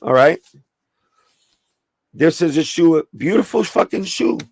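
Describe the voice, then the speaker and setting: A man with a New York accent runs a loose, profanity-laced sneaker livestream and talks straight to his chat. His voice sits a little high and carries a gravelly edge. The sound is close and dry. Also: lively intonation, a little slow, darkish tone, dry recording. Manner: profane, streetwise, chatting with live viewers.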